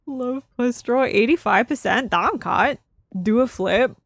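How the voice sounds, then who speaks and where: A woman streaming a video game, commenting excitably and repeating phrases over and over into a close microphone. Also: a little high, unhurried, vocal fry, dry recording. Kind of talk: let's play commentary.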